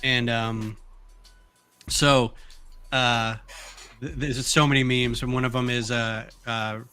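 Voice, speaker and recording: Livestream host, male, bright tone, animated storyteller who acts out quotes, low music bed. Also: takes it slowly, clear, resonant tone. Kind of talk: casual chat on a building livestream.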